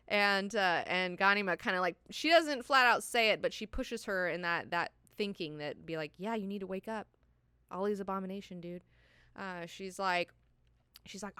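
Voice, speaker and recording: A woman hosting a book club, recapping chapters in a profane, animated way and paraphrasing characters in slang. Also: mid-range voice, normal speed, smooth, dry recording, studio quality.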